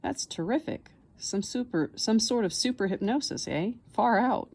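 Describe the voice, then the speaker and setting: An excitable grown man bursts out in eager amazement, as a woman reading the story voices him. The voice jumps higher and louder than the narration, lively and thrilled. It reads as an astonished skeptic in a spoken storybook. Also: normal speed. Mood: amazed.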